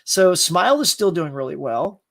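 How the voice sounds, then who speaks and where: A man's voice: a little high, big pitch swings, moderate pace, gravelly. A man hosting a casual pop culture chat, chatty and laughing often, with a dog barking in the background. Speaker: pop culture show host. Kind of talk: casual chat about movies.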